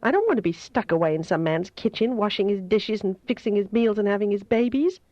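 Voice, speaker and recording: A defiant, proud teenage girl with a sharp, defensive manner, as a woman reads her lines. The sound is dull and dry. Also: medium pitch, expressive, brisk, dry recording, lightly acted. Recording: dull, dry home recording.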